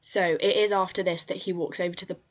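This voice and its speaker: A woman with a fairly low voice co-hosts a casual true-crime podcast. She retells the case in a loose, chatty way, full of fillers and restarts, and the recording has a dull, muffled lo-fi sound. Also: level tone, quick pace. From England. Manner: chatty storyteller, reads case details with many fillers. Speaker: podcast co-host.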